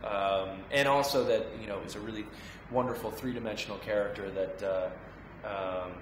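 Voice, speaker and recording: A man in his thirties, an actor answering interview questions in a friendly, halting way with many fillers and restarts. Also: fairly low pitch, steady tone, noisy background. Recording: echoey room with background music.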